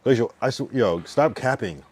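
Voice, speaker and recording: A man's voice: medium pitch, expressive, moderate pace, darkish tone, slightly rough. A man in his late thirties, a livestreamer rambling in casual chat, swearing and answering his chat.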